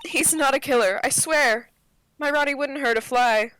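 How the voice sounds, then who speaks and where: A woman's voice: high-pitched, normal speed, a bit bright, no echo. A woman voicing a doting, flamboyant middle-aged woman as she reads game dialogue aloud, in a theatrical, fawning manner. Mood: pleading.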